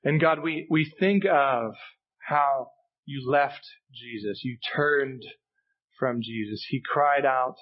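A man's voice: medium pitch, slow, highs cut off. A male pastor preaching a sermon, earnest and emphatic, repeating key phrases for weight. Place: church sanctuary.

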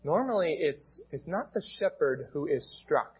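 A man's voice: a little high, very animated, measured pace, breathy edge, highs cut off. A male pastor with an American accent, preaching a sermon in a plain teaching tone and often restarting his words.

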